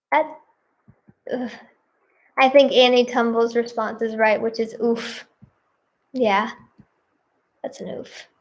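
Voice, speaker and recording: A woman giving casual reaction commentary, reading posts aloud with giggly, exclamatory remarks. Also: sits high. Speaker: singer and video creator.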